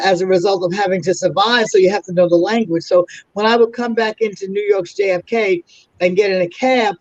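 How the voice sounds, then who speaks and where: A woman's voice: medium pitch, no room sound. New york lady guest telling stories, kinda muffled dry sound. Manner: chatty storyteller, lively asides. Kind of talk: casual interview chat. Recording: dull muffled remote audio.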